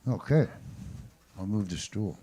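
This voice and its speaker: A man emceeing an open mic night with a mid-pitched voice that swings up and down a lot. He introduces acts in a loose, joking, offhand way. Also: expressive, unhurried, mellow. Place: stage at an open mic showroom.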